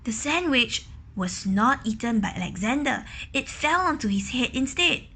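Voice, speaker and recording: A woman reading a children's picture book aloud, pausing to ask questions, explain words and imitate quacking ducks. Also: fairly high pitch, animated, pushed and bright, slight background noise. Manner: imitates quacking and gasps for effect. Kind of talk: children's story read-aloud.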